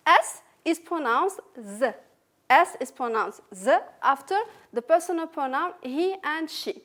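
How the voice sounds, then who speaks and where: In a recorded English revision class, a woman teacher with a French accent slowly says each word and sentence twice for her learners. She sounds high-pitched and animated, with a fairly bright tone.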